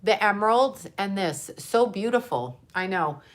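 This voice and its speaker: A woman talking casually to her livestream viewers. She rambles from one thing to the next with quick asides and frequent laughter, playful and animated throughout. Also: mid-range voice. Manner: playful and animated, jumping between topics. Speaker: livestream host reading viewer comments.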